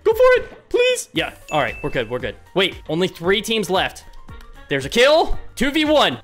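A young man giving excitable gameplay commentary as a gaming video host, often yelling at his teammates. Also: high-pitched, normal speed, faint music behind. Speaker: gaming YouTuber.

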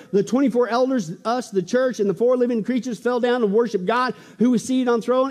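A man preaching a sermon as pastor, emphatic, with loud exclamations and hushed asides. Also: extremely high pitch, steady tone, fairly quick, few pauses. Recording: long reverb in a large hall.

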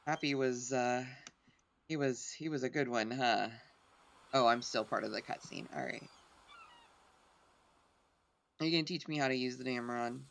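A woman streaming a game, chatting excitedly and poking fun at herself. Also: extremely low pitch, moderate pace, creaky, a little hiss or hum. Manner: chatty, self-deprecating, excitable. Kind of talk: casual game commentary.

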